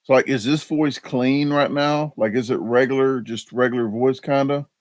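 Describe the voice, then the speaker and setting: A male live stream host chatting casually and poking fun at himself. He restarts his sentences often and fills the gaps with ums. His voice is mid-pitched, and the sound is dry and close. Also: fairly even intonation, moderate pace, dry recording. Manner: rambling, self-deprecating, frequent fillers and restarts.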